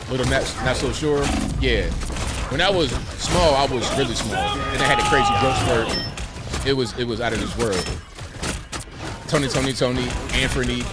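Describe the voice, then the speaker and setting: A man in his forties from Virginia, hosting a livestream, telling stories and asking rhetorical questions in a wry, repetitive way. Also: mid-range voice. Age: 40s. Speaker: livestream host. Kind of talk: casual chat with a stream chat. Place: home room with bookshelves. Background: game music.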